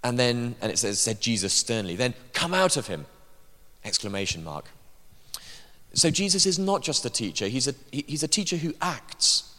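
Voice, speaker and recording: A man's voice: medium pitch, expressive, moderate pace, sharp tone. A man preaching a sermon in a church, emphatic, with dry asides. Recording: long hall reverb.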